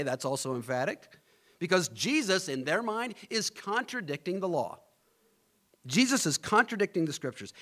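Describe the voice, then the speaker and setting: A man preaching a sermon as pastor, animated, often asking his congregation questions. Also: high voice, normal speed. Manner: animated preaching, rising to emphatic peaks, asks the congregation questions.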